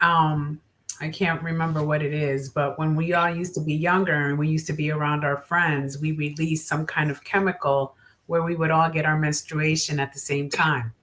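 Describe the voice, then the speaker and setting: A woman host asking gentle, supportive interview questions. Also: low voice, flat delivery, moderate pace.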